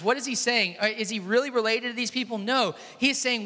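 A man's voice: extremely high pitch, a little fast, hardly any pauses, sharp tone. A man preaching a sermon in a large church hall, conversational and storytelling, joking with the congregation. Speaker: pastor. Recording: echoey hall.

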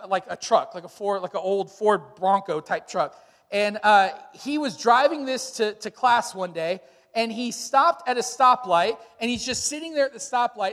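A man in his thirties preaching a sermon, telling stories and acting out quotes with sudden shouts. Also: extremely high pitch. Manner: storytelling, animated retellings with shouted quotes. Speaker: pastor. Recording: long hall reverb.

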